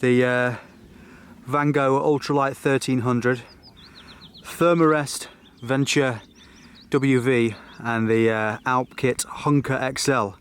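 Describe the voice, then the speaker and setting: A man chatting casually to camera on a cliff top, relaxed and enthusiastic. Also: medium pitch, slow pace, clear, resonant tone. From England. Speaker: outdoor vlogger. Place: cliff top outdoors at evening. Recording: noisy outdoor camera audio.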